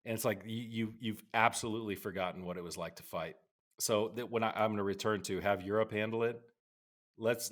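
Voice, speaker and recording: A middle-aged man co-hosting a podcast, ranting in an animated way and slipping into mock voices. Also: lowish voice. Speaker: podcast co-host. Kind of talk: casual podcast chat.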